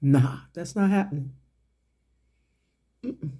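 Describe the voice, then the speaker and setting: A man's voice: a little high, lively intonation, mellow. A man giving a profane, confrontational rant to his audience, mocking and questioning someone point by point. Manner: slow, deliberate delivery with pointed questions. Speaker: online commentator. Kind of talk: ranting commentary to camera.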